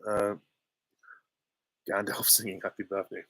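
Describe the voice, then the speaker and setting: A man's voice: on the low side, normal speed, a bit bright, no echo. A man hosting a live stream Q and A, chatty, giggly and self-deprecating, on a close desk mic. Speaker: channel host answering viewer questions.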